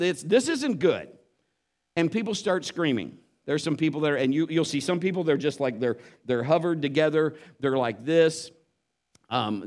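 A man preaching a sermon, telling a story and acting out the voices of the people in it. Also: fairly high pitch. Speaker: pastor.

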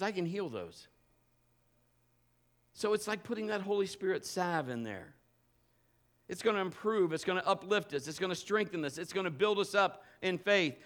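Animated storytelling male pastor, higher voice. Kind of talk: sermon.

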